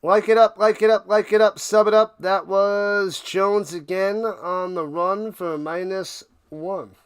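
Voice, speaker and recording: Guy doing play-by-play on his stream, high voice, kinda gravelly but clear, goofy hype, close dry mic. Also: fairly even intonation, a little slow, no room sound. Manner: playful, hyped, talks to chat, sings and riffs. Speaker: live stream play-by-play host. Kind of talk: casual live play-by-play commentary.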